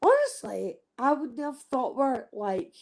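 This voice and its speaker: A woman's voice: sits high, wildly swooping pitch, moderate pace, low-quality recording. A young woman talking openly and emotionally on a live stream, swearing freely and repeating herself. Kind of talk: emotional casual chat.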